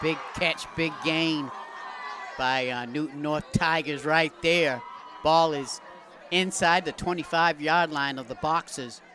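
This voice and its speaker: A man calling a local high school football game as play-by-play announcer from the press booth. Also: slow, a little hiss or hum. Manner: excited shouting on big plays. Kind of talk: local sports commentary. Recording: loud crowd and music behind.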